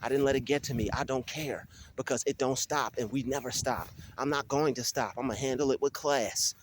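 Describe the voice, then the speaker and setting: A young man vlogging on his phone while walking outdoors in a field, talking in an animated, ranting way with many restarts. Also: medium pitch, a little fast, slight background noise. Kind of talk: casual vlog monologue. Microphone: phone held while walking.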